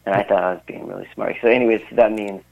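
A man speaks as a musician guest on a call, his voice a bit low and squeezed thin by a phone line. He wanders through his stories in a relaxed, rambling way, full of fillers and restarts. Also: quick pace, gravelly. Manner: rambling, laid-back storyteller with many fillers. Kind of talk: casual interview chat.

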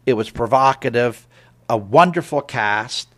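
Slow, halting male theater critic. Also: mid-range voice, fairly bright tone. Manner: hesitant, halting with repeated restarts. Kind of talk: casual review chat.

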